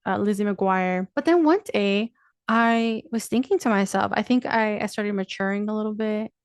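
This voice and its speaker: A woman's voice: mid-range voice, moderate pace, dry recording. A young woman speaks to her listeners in a loose, confiding monologue, peppered with 'like' and casual swearing. Her voice sits in an ordinary middle range. The sound is dry and close, with no room around it. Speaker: podcast host. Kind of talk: candid personal monologue.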